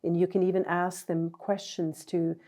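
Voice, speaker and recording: A woman's voice: on the low side, flat delivery, normal speed, mellow. A middle-aged woman teaching a counselling training session in a conversational way, acting out sample phrases as she goes.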